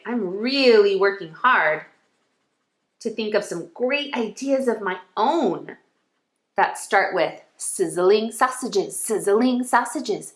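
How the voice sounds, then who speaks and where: A kindergarten teacher leads a phonics lesson for young children, cheerful and encouraging as she stretches out the sounds. Her medium-pitched voice is lively and slow, in a reverberant space.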